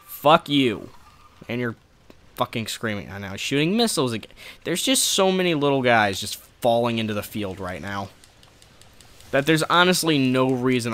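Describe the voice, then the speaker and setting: A man's voice: mid-range voice, very animated, moderate pace, pauses often, fairly bright tone. A man giving profane, sarcastic gameplay commentary, ranting at a boss fight. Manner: profane, ranting frustration at the game. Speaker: let's play gamer.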